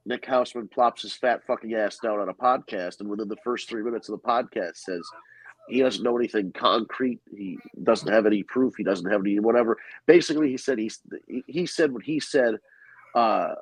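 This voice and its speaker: Husky-voiced man ranting on a podcast. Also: fairly low pitch, no room sound, rough recording. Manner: profane, rambling, opinionated. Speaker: podcast host. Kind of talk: casual chat.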